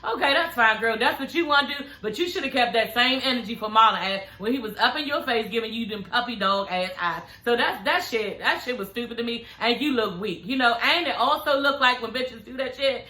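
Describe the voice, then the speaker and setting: A woman's voice: a little high, brisk, hardly any pauses, sharp tone. A young woman recapping a reality show in a sassy, profane, outspoken way. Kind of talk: casual recap commentary. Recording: echoey room.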